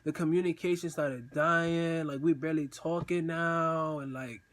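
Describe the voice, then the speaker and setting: Young guy with a higher voice telling a storytime, slangy and animated. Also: unhurried. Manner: slangy, animated, acts out texts in quoted voices. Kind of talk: casual storytime vlog.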